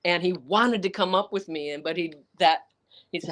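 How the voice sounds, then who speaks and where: A woman's voice: on the low side, normal speed. A woman author answering viewer questions on a livestream, telling candid, rambling stories in a blunt, salty way and acting out what other people said. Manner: blunt, salty, rambling anecdotes with occasional swearing; acts out other people's words in quoted voices.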